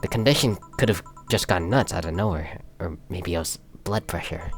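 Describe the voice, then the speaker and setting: A man voicing a calm young woman who lost her sister, speaking in a measured, soft, explanatory way in a fan reading of a visual novel. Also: low-pitched, soft background music. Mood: somber.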